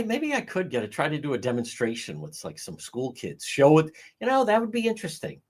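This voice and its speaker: Husky and on the high side, this man's voice carries his crude, sarcastic livestream commentary through a streaming microphone. He's blunt and mocking, acting out what other people said to make fun of them.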